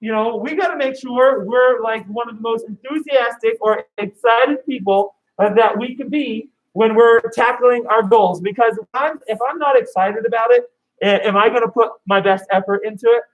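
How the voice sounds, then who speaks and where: A karate instructor teaching an online kids' class, upbeat, calling out drill commands and counting down. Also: male voice, very high voice, moderate pace, poor audio.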